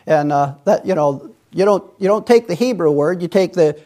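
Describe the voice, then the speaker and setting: A man's voice: high voice, animated, normal speed, warm tone. A man leading a Bible study, rambling and digressive, with many restarts and fillers. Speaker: Bible teacher.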